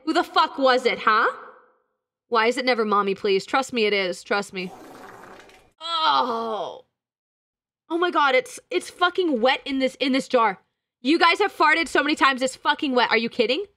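A woman's voice: high-pitched, lively intonation, a little fast, bright, forceful tone. A woman streamer chatting casually with her live chat, crude and teasing, laughing often.

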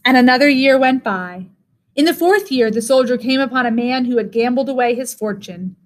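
Woman teacher narrating a fairy tale, slightly high voice, measured pace. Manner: measured, expressive. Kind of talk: reading a story aloud.

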